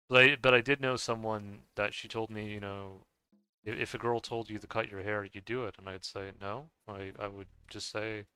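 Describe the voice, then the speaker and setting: A man from the United States, a gaming streamer, chatting casually while he plays, rambling and halting with many restarts and soft chuckles. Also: fairly low pitch, steady tone, clean tone. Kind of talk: casual chat while playing a game.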